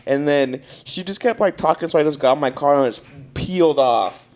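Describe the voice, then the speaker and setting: A young man, telling a story on a casual podcast, animated and swearing often. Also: a little high, moderate pace, a little hiss or hum. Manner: animated, swears a lot, acts out quotes loudly. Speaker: podcast co-host.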